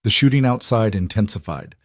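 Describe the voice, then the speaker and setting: A man narrating a western story in a measured, dramatic way. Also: on the low side, lively intonation, no echo, clean studio sound. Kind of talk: scripted narration.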